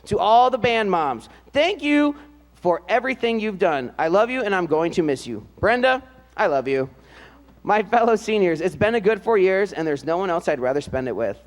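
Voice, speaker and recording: A man announcing at a ceremony and reading aloud, in a relaxed, joking way with frequent hesitant "uh" fillers. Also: sits high, moderate pace, long reverb tail. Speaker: announcer introducing band seniors.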